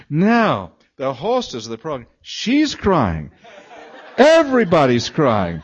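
A man preaching, telling a long personal story with lively, acted-out quotes and frequent laughs. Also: fairly high pitch, slow, husky, muffled recording. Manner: animated storytelling, acting out quoted voices. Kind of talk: storytelling sermon.

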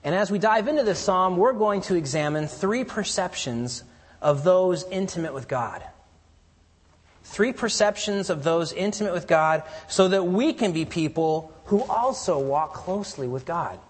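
A man preaching a sermon in an earnest way, swinging between loud emphasis and hushed, quiet lows. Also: expressive, unhurried, slightly rough. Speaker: pastor. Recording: reverberant hall.

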